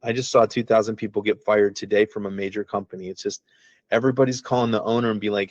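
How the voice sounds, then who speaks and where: Over a video call, a man who founded an app gives a loose, wandering screen-share tour of it, folksy and prone to cutting himself off. His voice is lowish and fast with fairly even intonation. There's no echo, but the sound is lo-fi.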